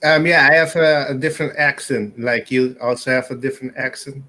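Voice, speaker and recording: A man's voice: mid-range voice, steady tone, brisk, sharp tone. A man joining a casual group chat, friendly and a little hesitant, with short replies and fillers.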